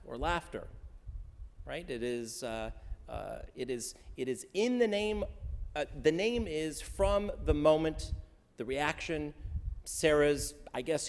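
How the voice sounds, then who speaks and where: A man's voice: fairly high pitch, in a large hall. A male rabbi giving an interactive sermon in a synagogue service, talking conversationally, quizzing the congregation and slipping in wry jokes. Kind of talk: interactive sermon teaching the weekly Torah portion. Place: synagogue sanctuary during a service.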